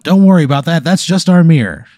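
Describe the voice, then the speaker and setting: A man voicing a cheesy, upbeat male restaurant TV announcer with a bright, salesy pitch. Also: animated, fast, dry recording, studio quality, lightly acted. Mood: chipper.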